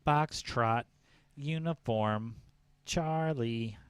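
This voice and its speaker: A man's voice: medium pitch, very slow, smooth, no echo. A man co-hosting a comedy podcast, rambling and laughing through casual banter. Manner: giggly, rambling, puts on mock Southern drawl. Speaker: podcast co-host.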